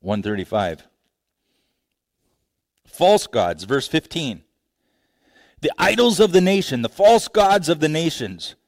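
A man preaching a sermon, expressive, with wide swings between low, quiet passages and raised, emphatic ones, often restarting his phrases. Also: slow, pauses often, dry recording, clean studio sound. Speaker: pastor.

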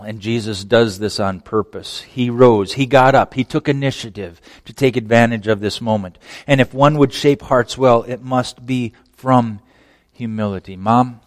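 A man preaching a sermon as pastor, animated, acting out quoted voices and dropping to near-whispers at the ends of phrases. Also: mid-range voice. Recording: long reverb of a large hall.

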